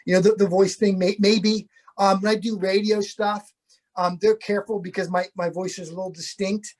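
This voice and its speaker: A middle-aged man, an actor being interviewed, talking in a rambling, good-humored way with many restarts. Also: high-pitched. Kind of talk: casual interview chat.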